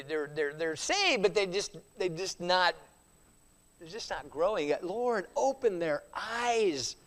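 Male pastor, conversational sermon, higher voice, big echoing sanctuary. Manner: emphatic, conversational, with repeated restarts. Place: church sanctuary.

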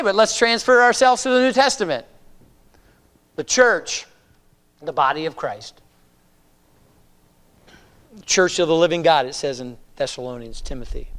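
A man pastor preaching a sermon, swinging from hushed asides to emphatic, drawn-out exhortations. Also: on the high side, in a large hall.

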